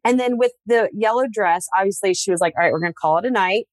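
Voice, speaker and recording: A woman's voice: medium pitch, fast talker, no echo. A woman in her thirties co-hosting a podcast, chatting casually with lots of fillers and giggles. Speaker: podcast co-host. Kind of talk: casual chat.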